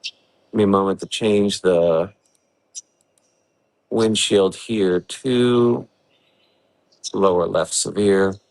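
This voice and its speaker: A man's voice: deep voice, fairly even intonation, very slow, gravelly, long pauses, a little mellow, rough recording. A man hosting a live severe weather briefing at home in the early morning, talking casually and thinking aloud with fillers while he works the maps. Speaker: weather forecaster hosting a livestream.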